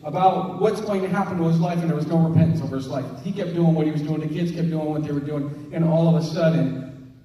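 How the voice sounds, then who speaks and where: A man preaching with a fairly high voice, acting out the scripture story and its quotes with energy. He is heard from a distance in a large, echoing hall with a long reverb. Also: steady tone, fast talker, warm tone. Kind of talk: sermon. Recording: echoey hall from far off.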